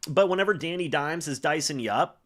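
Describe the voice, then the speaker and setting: A young man hosting a live stream, reacting to a football game and calling plays in an excitable way, full of fillers. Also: on the high side, a little fast. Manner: excitable play-by-play with frequent fillers.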